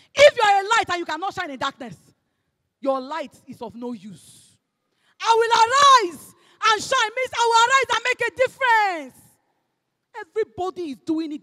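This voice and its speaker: A woman with a Nigerian accent delivers a fervent sermon, her bright, ringing voice leaping up and down in pitch. She shouts her exhortations, then drops to hushed asides, with Pidgin phrases mixed in. A long reverb trails every line, as in a large church hall. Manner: emphatic, swings between shouting and hushed tones, drops into Pidgin. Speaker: preacher.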